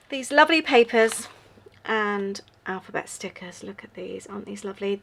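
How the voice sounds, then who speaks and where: Female craft host, 30s, tired late-night chatter, faint background noise. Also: a little high. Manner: chatty, musing aloud, tired and yawning. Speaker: journaling channel host. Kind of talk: casual crafting chat.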